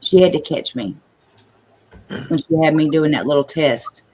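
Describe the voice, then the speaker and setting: A woman's voice: deep voice, unhurried, warm tone. Chatty woman host, livestream chat, a slight stutter.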